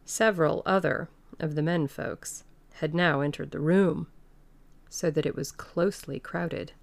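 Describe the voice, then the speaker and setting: Female audiobook narrator, measured, low and gravelly. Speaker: audiobook reader. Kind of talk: scripted narration.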